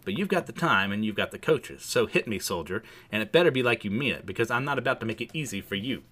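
A man's voice: fairly low pitch, expressive, fast talker, fairly bright tone. A man reading the lines of a stern, veteran soldier mentoring a younger hero. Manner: firm, drill-sergeant tone.

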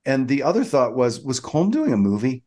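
A man's voice: medium pitch, moderate pace. A man co-hosting a podcast, in casual chat, steadily leading the recap of an episode. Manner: steady, informative, leads the recap. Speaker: podcast co-host.

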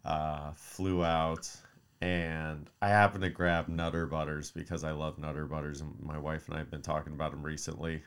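A man in his thirties, a podcast co-host, telling a long story in casual chat, animated and profane, acting out quotes. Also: a bass voice, moderate pace. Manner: mimics voices in quotes.

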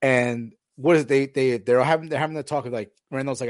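A man's voice: mid-range voice, fast, no echo. A man co-hosting a casual TV recap podcast, acting out scenes as he retells them. His voice sits in a middling register. The sound is dry and close. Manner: animated retelling, acts out scenes. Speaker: podcast co-host.

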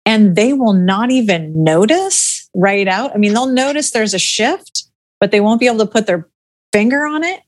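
A woman's voice: medium pitch, lively intonation, normal speed. A middle-aged woman talking casually as a guest, chatty and laughing often, full of filler words. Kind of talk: casual podcast conversation.

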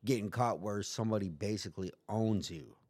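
A man's voice: lowish voice, brisk, darkish tone, breathy edge, no echo. A man guest on a podcast, telling a story in casual chat, swearing freely and acting out what other people said. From United States. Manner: profane, acts out other people's lines in quotes.

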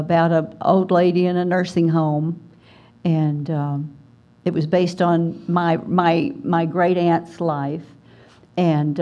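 A woman's voice: on the low side, lo-fi sound. Older woman spinning a story. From Alabama, USA. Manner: animated storyteller, acts out quoted voices. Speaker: guest speaker. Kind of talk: storytelling talk at a writers conference. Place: conference hall.

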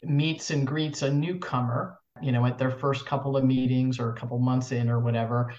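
A man's voice: mid-range voice, level tone, normal speed, darkish tone. A man explaining something seriously in conversation. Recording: echoey room, dull lo-fi sound.

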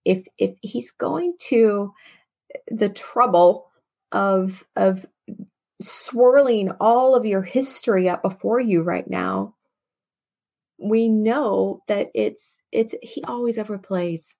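A woman's voice: mid-range voice, animated, takes it slowly, darkish tone. A woman preacher hosting her show, speaking with emphasis and repeating key phrases for stress, then reading scripture aloud.

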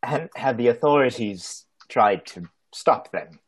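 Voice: medium pitch, expressive, measured pace. A player in a tabletop role-playing game who speaks in an overly polite, apologetic way.

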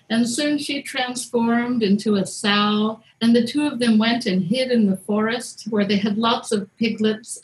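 A woman's voice: medium pitch, rough recording. A woman host telling a myth in a casual, wry and playful way, like chatting with friends. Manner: wry, conversational, playful retelling. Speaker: storyteller and podcast host. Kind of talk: casual mythology storytelling.

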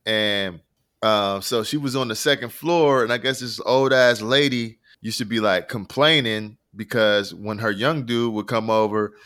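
A man's voice: fairly low pitch, measured pace, a bit bright. Man telling rambling, profane stories. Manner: rambling, profane, slangy storytelling. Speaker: podcast co-host. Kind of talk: casual podcast chat.

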